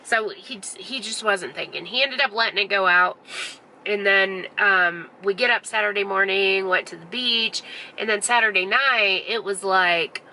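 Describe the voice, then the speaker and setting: A young woman vlogger chatting through a long story in a bright, sharp voice with a gravelly edge. She rambles and swears casually, leaning on "like" in nearly every line. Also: mid-range voice, moderate pace, poor audio. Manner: chatty, profane, full of "like" fillers. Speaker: beauty vlogger.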